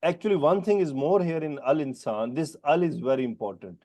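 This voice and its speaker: A man's voice: on the high side, a little mellow. A male teacher with non-native English, giving a Quran grammar lesson and quizzing students by name. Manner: questioning students by name, explaining terms slowly.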